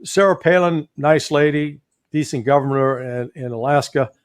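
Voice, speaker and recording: A man's voice: on the high side, normal speed, no echo, studio quality. A man with a Midwestern American accent, a guest commentator with a folksy, sardonic manner and frequent chuckles.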